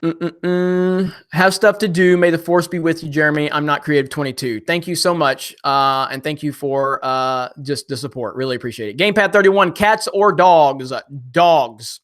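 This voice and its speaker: A young man hosts a casual live stream, reading out viewer comments and joking back at them. His voice sits a touch high and sounds bright and forward. His delivery is animated, full of quick asides to chat.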